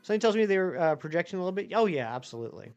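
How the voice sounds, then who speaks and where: Chatty man streamer, smooth and higher. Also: big pitch swings, racing, dull audio, faint music behind. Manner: rambling, chatty, reads chat aloud and answers it. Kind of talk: casual live-stream chat.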